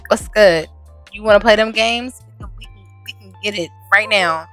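A confrontational young woman sim, put on by a woman, who steps up and repeats her dare again and again. Her voice is bright and forceful. She talks in quick, streetwise slang. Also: medium pitch, faint music behind, close to an everyday voice. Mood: challenging. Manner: repetitive, challenging.

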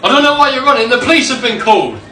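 A man voicing an angry male cinema worker chasing a kid, bossy and shouting. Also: extremely high pitch, expressive, very fast, recorded from a distance, slight background noise, pitched above the performer's own voice, full character voice, rough recording. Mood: shouting angrily.

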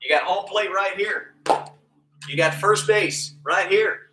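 A man's voice: high-pitched, slow pace, noisy background. A man leading a live online exercise class for kids as their PE coach, counting out reps and cheering the children on by name. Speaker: PE coach hosting a kids' class.

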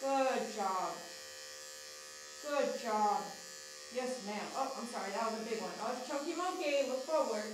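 A woman groomer soothes a dog with short, repeated coaxing words, her voice fairly high. She sounds distant in an echoey room, with clipper buzz behind her. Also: animated, measured pace, background noise. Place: grooming salon.

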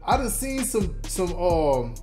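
A man hosting a sitcom reaction video in casual, slangy talk, laughing as he goes. He talks slowly, in a fairly high voice that rises and falls a lot, with faint music underneath. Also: very animated. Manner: laid-back, slangy, laughs often.

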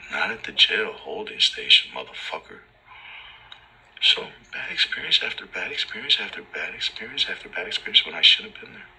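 A man's voice: low-pitched, big pitch swings, fairly quick, pushed and bright, rough recording. A man angrily recounting his own story in a profane rant, acting out what others said to him. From Los Angeles. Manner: ranting, profane, acts out officers' lines. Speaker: vlogger. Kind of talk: angry personal rant.

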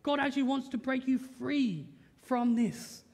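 High-voiced Australian pastor preaching in a reverberant hall. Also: male voice, unhurried, creaky. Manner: lively, joking, conversational, keeps asking "right?". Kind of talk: sermon. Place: church auditorium. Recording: long reverb of a church hall.

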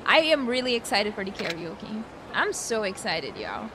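A woman streaming a video game, chatting and reacting with excitement. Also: medium pitch, moderate pace, very noisy. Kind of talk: casual gameplay commentary.

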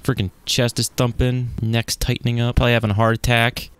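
A man's voice: medium pitch, completely flat delivery, fairly quick, smooth, no room sound. A man giving jumpy, profane commentary while playing a horror game, talking to himself as he goes. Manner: jumpy, swearing, talks to himself. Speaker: gaming YouTuber.

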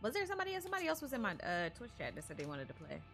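A woman's voice: a little high, wildly swooping pitch, racing, soft background music. A woman streamer chatting casually while playing an online game, thanking viewers and joking with friends in loose slangy talk. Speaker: streamer hosting a multiplayer horror game session. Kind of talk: casual gaming chat.

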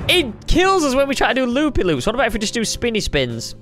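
A woman casually commentating while she plays a flying game, excitable and playful, talking to herself and her viewers. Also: fairly high pitch, fast. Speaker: gaming YouTuber. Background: game music.

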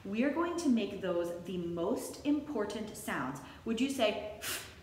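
A woman's voice: medium pitch, big pitch swings, takes it slowly, darkish tone. A woman teaching a song in call and response, singing lines for the class and then coaching how to pronounce the words. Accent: non-rhotic, drops the R. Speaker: music teacher. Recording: very echoey room with long reverb.

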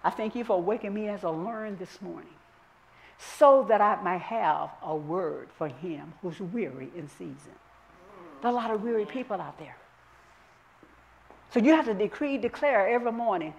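A woman minister teaches scripture in church, with a light lilt. She drawls each verse slowly and presses every point home through repetition. Her voice sits in an ordinary middle register for a woman. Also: mid-range voice, lively intonation, low-quality recording. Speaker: minister teaching Bible study. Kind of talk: sermon-style Bible teaching.

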